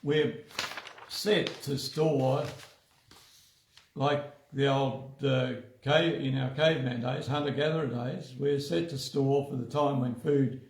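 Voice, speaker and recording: A man's voice: mid-range voice, fairly even intonation, slow, darkish tone. A man in a casual health chat, easygoing and repeating words as he starts. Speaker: wellness centre co-host. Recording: echoey room.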